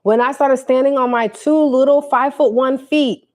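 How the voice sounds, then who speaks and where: A woman's voice: high-pitched, moderate pace. A young woman, telling a casual storytime on a livestream and acting out what people said. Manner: animated, quotes people in put-on voices, talks to viewers. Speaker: livestream host.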